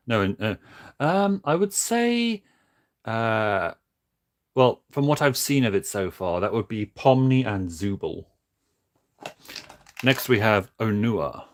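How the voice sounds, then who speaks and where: A man streaming casually while building toys, talking in a flat, monotone way with many halting restarts. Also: fairly low pitch. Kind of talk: casual livestream chat.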